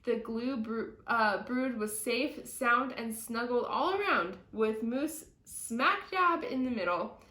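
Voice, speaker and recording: A woman reads a children's picture book aloud with slow, deliberate pacing and an expressive storytelling lilt. Her voice sits a little on the high side, and the recording carries noticeable echo from the room. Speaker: storybook reader. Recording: echoey room.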